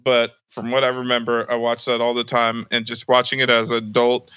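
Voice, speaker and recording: Bright-voiced joking podcast man. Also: medium pitch, completely flat delivery. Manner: joking, quick one-liners, swears. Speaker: podcast co-host. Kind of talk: casual chat.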